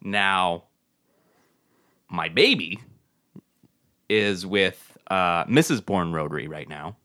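Guy hosting a comedy podcast, kinda gravelly, deadpan, lowish voice but bright and punchy. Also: slow pace. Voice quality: a little gravelly. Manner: dry, deadpan, rambling with fillers. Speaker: podcast host. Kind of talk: casual comedic banter.

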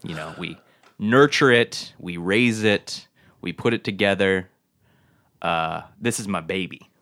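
A man hosting a comedy podcast, slightly gravelly, talking in a dry, deadpan way full of fillers and restarts. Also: deep voice, measured pace. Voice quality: a little gravelly. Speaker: podcast host. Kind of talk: casual comedic banter.

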